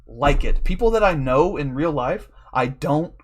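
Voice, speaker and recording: A man's voice: on the high side, expressive, measured pace. A man telling a long, rambling story in a casual, profane way, laughing often as a draft league coach.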